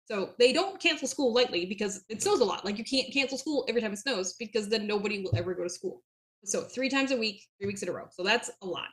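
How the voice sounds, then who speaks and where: A chatty young woman from New Hampshire is a guest in a casual interview. She rambles through her stories with plenty of fillers and quick laughs. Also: mid-range voice, animated. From southern New Hampshire.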